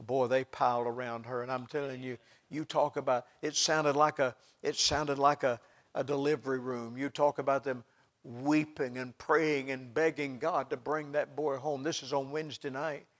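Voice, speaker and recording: A male pastor telling a story in a sermon, dropping soft then rising loud and emphatic. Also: medium pitch, flat delivery, normal speed. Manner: swings from hushed to loud, emphatic. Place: church.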